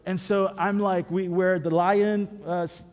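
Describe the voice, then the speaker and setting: A man's voice: high-pitched, flat delivery, measured pace, a little mellow. A man preaching as a pastor in a conversational, storytelling way, with self-deprecating humor. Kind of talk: sermon. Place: church sanctuary. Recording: echoey church hall.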